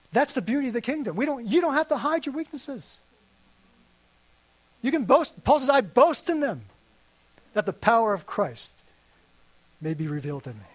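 A man preaching a sermon to a congregation, earnest and conversational with playful asides. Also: high voice. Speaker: pastor. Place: church service.

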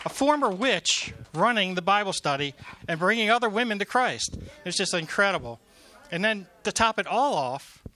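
A man working in prison ministry tells an emphatic, animated faith testimony with repeated phrases. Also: high-pitched. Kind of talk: testimony storytelling.

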